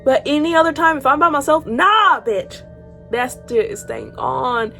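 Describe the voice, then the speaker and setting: High-voiced dramatic teen girl. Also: expressive, unhurried, vocal fry, soft background music. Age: teens. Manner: dramatic, swings from loud outbursts to quiet mutters; casual, swears freely. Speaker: YouTuber. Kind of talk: reacting to horror stories.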